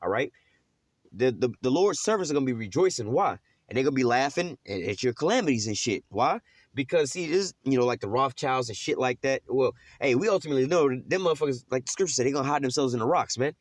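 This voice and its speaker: A man's voice: medium pitch, animated, fast talker, no echo, studio quality. A man giving an informal scripture teaching, preachy and mocking, full of street slang and cursing. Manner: frequent "man" and "you know what I'm saying". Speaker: religious teacher.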